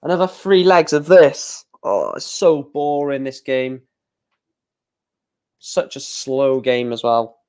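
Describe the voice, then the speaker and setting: A man's voice: medium pitch, slow pace, darkish tone, clear, resonant tone. Chatty man commentating live darts. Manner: chatty, opinionated, grumbling asides. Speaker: livestream watchalong host.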